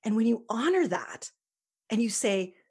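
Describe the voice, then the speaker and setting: A woman's voice: fairly high pitch, sing-song, measured pace, husky. A woman guest on a podcast, talking earnestly and emphatically, sometimes dropping almost to a whisper. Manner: earnest, emphatic, softens to near-whisper at times. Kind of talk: casual interview chat.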